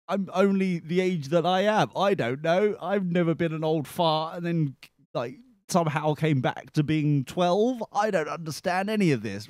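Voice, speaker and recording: A man's voice: fairly high pitch, normal speed, darkish tone, no room sound, studio quality. A man hosting a podcast, giving sarcastic, exasperated commentary over a news clip. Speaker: podcast host.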